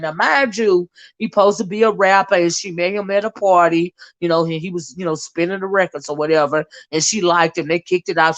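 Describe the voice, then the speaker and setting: A woman hosting a casual live stream about a movie. She rambles and chats with viewers, fills her talk with "you know", and calls listeners "child" and "honey". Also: lowish voice. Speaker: movie reviewer and channel host.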